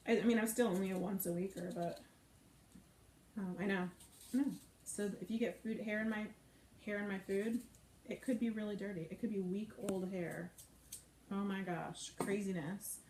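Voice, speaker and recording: Cooking live on stream, this host has a mid-range, slightly mellow voice and a brisk pace. She banters playfully and reads out comments from viewers, in an echoey room with a little faint noise.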